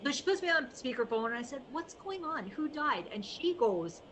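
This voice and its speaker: A woman guest on a talk show, casually telling a lively anecdote. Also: high voice, moderate pace, a little hiss or hum, rough recording. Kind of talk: casual chat, storytelling.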